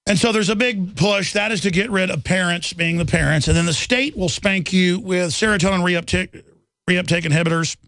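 A man's voice: sits high, normal speed, a bit bright, dry recording. A middle-aged man hosting a radio talk show, delivering an indignant, rambling monologue full of repeated words and restarts.

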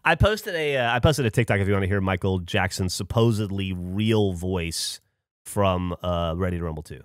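A man's voice: low-pitched, normal speed, dry recording, studio quality. A man on a podcast, telling a story in casual chat, acting out quotes and swearing freely. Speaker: podcast host.

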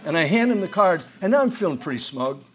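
An older American man tells a humorous story to an audience in a hall, his voice sitting a touch high. He is wry and self-deprecating and often restarts his sentences. A faint ambient hiss sits under the recording. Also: sing-song, fast talker. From United States. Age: 60s or older. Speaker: speaker at a roundtable. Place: event hall before an audience.

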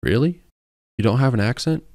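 A man voicing a tough, protective young cowboy who speaks plainly and softly. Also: mid-range voice, expressive, brisk, no echo, clean studio sound, voice pushed up, natural voice. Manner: plain, direct and soft-spoken.

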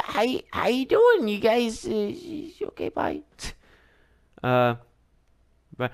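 Gamer guy with a high, very lively voice narrating his own playthrough, excitable and quick to shriek. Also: gravelly. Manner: excitable, shrieks and laughs while talking to the game. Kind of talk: let's play commentary.

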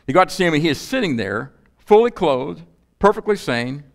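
Man preaching an animated sermon. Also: a little high, brisk, vocal fry. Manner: animated, rhetorical questions, playful asides. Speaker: pastor. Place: church.

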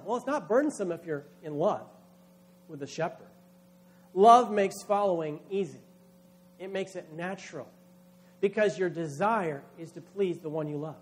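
A man's voice: high voice, normal speed, long pauses, husky. A man, a pastor, preaching a sermon with emphatic delivery, acting out quoted voices.

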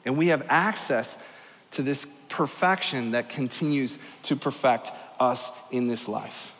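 A man's voice: medium pitch, unhurried, a bit bright. Conversational middle-aged male pastor preaching. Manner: conversational, self-deprecating preaching with acted asides. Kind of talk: sermon. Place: large church auditorium. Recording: long hall reverb.

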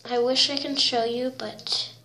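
A woman's voice: sits high, little pitch movement, unhurried. A young woman casually filming a craft tutorial, giggling, unsure of herself and often saying sorry. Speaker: vlogger. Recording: echoey room with loud noise.

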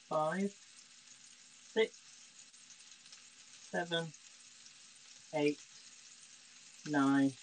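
A man's voice: a little high, slight background noise, poor audio. A man hosting a casual live cooking stream from his home kitchen, chatting straight to his viewers. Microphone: phone. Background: frying sizzle.

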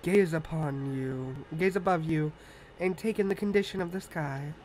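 A man voicing a gentle, reverent female tree spirit, reading game dialogue aloud in a slow, solemn manner. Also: on the high side, faint music behind, lightly acted, low-quality recording.

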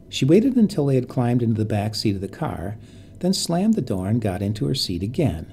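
A man reads a bedtime story aloud in a calm, measured way. His voice is warm and mellow, with a lively, rising and falling intonation. A faint hiss sits under the reading. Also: mid-range voice, creaky.

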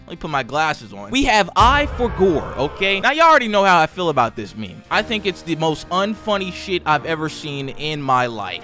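A man's voice: fairly high pitch, big pitch swings, moderate pace, hardly any pauses, music in the background. A young man hosting a comedic meme countdown, ranting with exaggerated, profane outrage.

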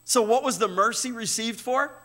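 Male pastor, high bright voice, emphatic sermon delivery, long church reverb. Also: moderate pace. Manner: emphatic, repeats words, asks "right?". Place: church sanctuary.

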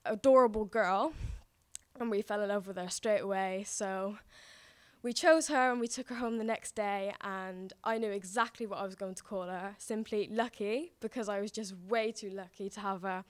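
A woman's voice: mid-range voice, moderate pace, smooth. A young woman telling a personal story on stage, giggling often between phrases. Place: stage before a live audience.

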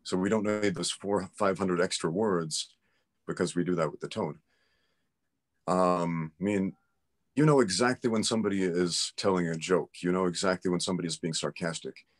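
A man's voice: low-pitched, steady tone, normal speed. A man in a casual interview conversation, explaining his views emphatically and with strong opinions.

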